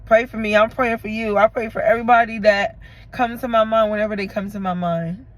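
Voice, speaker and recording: A woman talking to her camera in an emotional confessional vlog, tearful and halting as she rambles through her feelings. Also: medium pitch, fairly even intonation, rough recording. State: tearful from crying. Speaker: vlogger.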